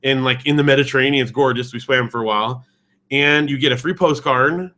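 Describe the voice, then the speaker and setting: A man's voice: medium pitch, fairly quick, bright, forceful tone. A man in his thirties from California, telling a travel story in casual chat and mimicking the voices he heard. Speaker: podcast co-host.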